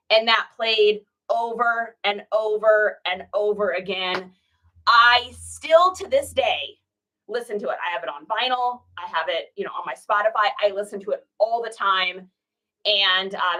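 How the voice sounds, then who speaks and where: A woman's voice: medium pitch, sharp tone, far from the mic, low-quality recording. A woman in her forties from Washington State, chatting casually in a rambling way while packing orders, and breaking off now and then to talk to her pet. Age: 40s. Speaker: online reseller host.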